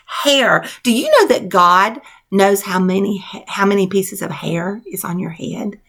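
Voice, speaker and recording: A woman's voice: mid-range voice, expressive, unhurried, creaky, a bit bright. A woman teacher leading young children through a spelling lesson, coaching them patiently in a sing-song classroom manner.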